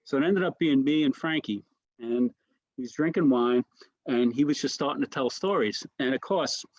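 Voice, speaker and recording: Animated male comedian telling stories. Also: mid-range voice, normal speed, dry recording, lo-fi sound. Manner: animated storyteller, frequent restarts and "right?" asides. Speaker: comedian guest. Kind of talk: casual anecdote telling in an interview.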